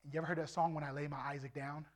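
A middle-aged man preaching his testimony as an evangelist, animated and swinging from loud to hushed. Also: on the high side, racing. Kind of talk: testimony sermon.

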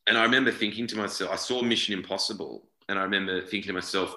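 Aussie guy in his 40s, super low voice, bright edge, roomy sound, rambles and restarts a lot. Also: fairly even intonation, rapid-fire. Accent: Australian. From Australia. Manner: rambling, self-correcting, repeats words. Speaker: actor guest. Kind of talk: casual interview chat.

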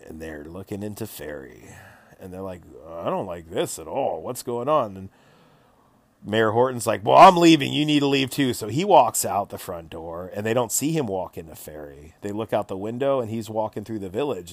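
A man acting as game master, recapping a tabletop session in a casual, animated and profane way, laughing often. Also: mid-range voice, vocal fry, no room sound.

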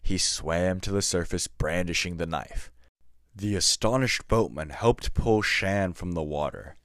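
A man hosting a storytelling podcast, reading the tale aloud in scripted narration, measured and steady. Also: low-pitched, no echo, studio quality.

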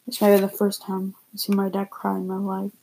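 A woman reading a first-person story aloud, plainly and a little haltingly, with repeated words. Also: medium pitch, completely flat delivery, creaky, dark tone, a little hiss or hum, rough recording.

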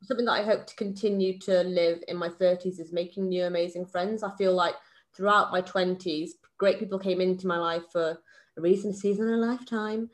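A woman around thirty, co-hosting a podcast in casual chat and telling lively stories. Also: lowish voice, brisk. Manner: chatty storyteller, animated when telling anecdotes. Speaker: podcast co-host.

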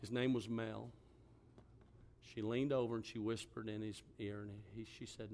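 A middle-aged man, a pastor, preaching a sermon. He tells a story in a low, quiet voice and then builds to loud, forceful emphasis. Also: little pitch movement, moderate pace, slight background noise. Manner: storytelling, drops to a hushed voice for quoted words, then rises with emphasis.

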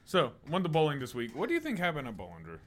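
A man's voice: a little high, wildly swooping pitch, very fast. A man co-hosting a podcast, telling stories in casual chat, swearing and laughing often. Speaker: podcast co-host.

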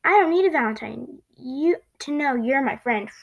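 A woman's voice: high voice, animated, normal speed, gravelly, muffled recording, heavily acted. A woman voicing a friendly, easygoing young bear in a storybook read-aloud.

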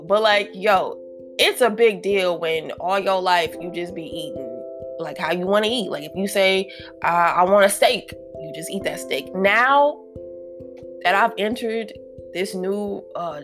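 Woman podcast host, slangy casual talk, animated, mid-pitched voice, faint guitar behind. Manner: slangy, animated, acts out her inner voice. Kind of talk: casual solo podcast chat.

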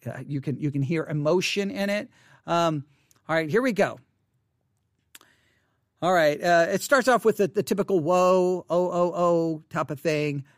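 A man's voice: a little high, expressive, normal speed, pauses often, no room sound, studio quality. A man casually talking through a song's lyrics, reflective and hesitant, with frequent restarts and fillers. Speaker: song commentator. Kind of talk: casual spoken lyric interpretation.

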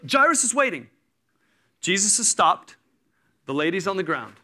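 A man in his thirties preaches with a bright, forceful voice that sits a little high for a man. He tells his story with animated energy, stepping into the voices of the people in it. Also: normal speed. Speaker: pastor. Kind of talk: sermon.

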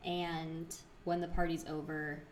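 A young woman in casual chat, telling stories in an animated way and acting out what people said. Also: sits low, measured pace. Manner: animated storyteller, acts out quotes. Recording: echoey room with faint noise.

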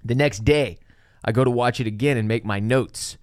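A man's voice: mid-range voice, normal speed, no room sound. A man co-hosting a casual podcast, bantering with dry sarcasm. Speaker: podcast co-host.

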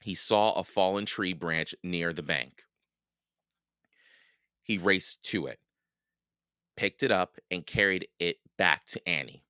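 A man reading a children's book aloud for a podcast, slow and expressive. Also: low voice, clear, resonant tone, no room sound, clean studio sound. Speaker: podcast read-aloud host.

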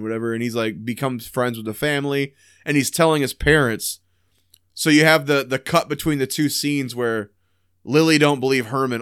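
A man co-hosting a podcast in casual chat, loose and profane, acting out scenes in quick voices. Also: medium pitch, fairly bright tone, smooth, no room sound, studio quality. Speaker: podcast co-host. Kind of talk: casual chat about old sitcoms.

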